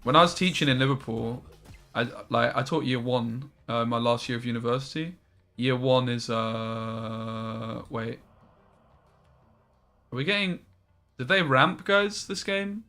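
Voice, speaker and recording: Young male streamer, casual and chatty, bright tone, faint music behind. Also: mid-range voice, unhurried. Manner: casual, chatty, reads chat aloud. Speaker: card-game streamer. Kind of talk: live-stream commentary while playing.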